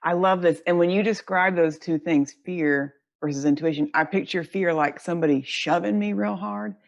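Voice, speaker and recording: Gravelly-voiced woman interviewer, dull sound. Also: on the low side, normal speed. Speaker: interviewer, host. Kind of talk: conversational interview.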